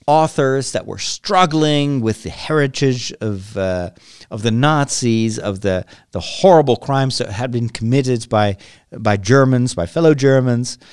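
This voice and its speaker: A Dutch man speaking English with an American-influenced accent, hosting his solo podcast in a rambling, animated way with dramatic emphasis. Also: mid-range voice, dry recording, clean studio sound. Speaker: podcast host. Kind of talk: casual solo podcast monologue.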